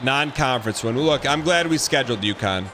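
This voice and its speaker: Bright-voiced man calling his own game. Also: medium pitch, a little fast, faint music behind. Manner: excitable, repeats phrases, talks to the players. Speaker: streamer. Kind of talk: live gameplay commentary.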